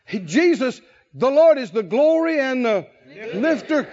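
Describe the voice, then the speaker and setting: High, lively preaching man. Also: a little slow, dull audio. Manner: preacher who swings from soft to shouted, laughing and exhorting. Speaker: pastor. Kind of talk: sermon.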